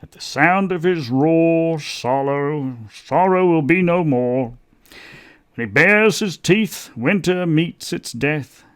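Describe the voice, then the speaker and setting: A man's voice: a little high, slow, clean tone. A man voicing a jovial, hearty male talking beaver that speaks emphatically and laughs often. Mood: jolly.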